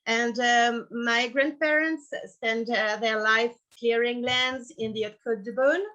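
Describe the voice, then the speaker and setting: A woman's voice: on the high side, fairly even intonation, measured pace, sharp tone, muffled recording. A woman winemaker with a French accent presenting her estate over a video call, careful and a little apologetic about her English. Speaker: wine producer.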